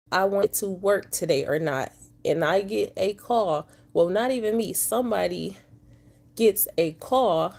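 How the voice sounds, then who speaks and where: A woman's voice: on the low side, gravelly, a little mellow. A woman truck driver, vlogging to her viewers, upset and emotional after just waking up. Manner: talks slowly and drawls, addresses viewers as y'all. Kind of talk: emotional casual vlog to viewers.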